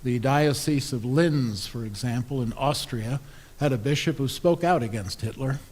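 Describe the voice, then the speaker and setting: A man's voice: medium pitch, moderate pace, darkish tone. A man, an Episcopal priest, preaching a sermon in a conversational, wry storytelling way.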